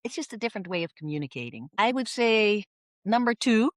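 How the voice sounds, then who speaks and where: Woman, middle-aged, intercultural coach on a podcast; expressive, acts out quotes; mid pitch; dry close mic. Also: a little fast, no room sound. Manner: lively, acts out quoted voices with big pitch swings.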